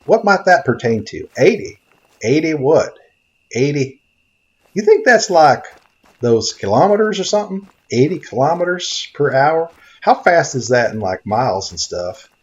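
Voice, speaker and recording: This gaming video narrator has a fairly high-pitched voice, speaks unhurriedly, and the recording sounds lo-fi. He portrays a naive, fumbling rookie hunter and photographer from Tennessee, delivering rambling, folksy, easily excited comedic commentary on the game.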